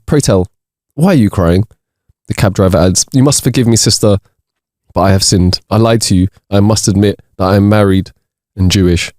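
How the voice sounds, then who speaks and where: The voice is a man's, lowish and darkish in tone, captured at studio quality with no room sound. He's a podcast co-host reading jokes during casual chat, laughing in bursts between them.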